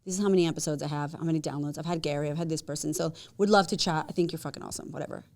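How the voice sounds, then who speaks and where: A woman with a somewhat low speaking voice chats as a podcast guest. She tells her stories with lively energy and voices the quotes of other people in a much higher pitch. She laughs easily and drops the odd swear word. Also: very fast. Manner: animated storyteller who acts out quotes with big jumps up in pitch; swears casually and laughs often. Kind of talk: casual podcast conversation.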